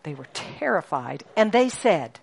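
A woman preaching a sermon to a congregation, animated and emphatic, often asking the listeners questions and repeating key lines. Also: on the low side, measured pace, creaky, husky. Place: church congregation.

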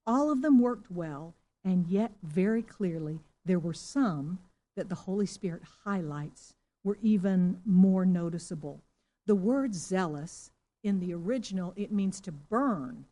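A woman's voice: lowish voice, lively intonation, unhurried. Woman pastor from Singapore preaching. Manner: storytelling, asks the congregation questions, rises to loud exclamations. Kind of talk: sermon.

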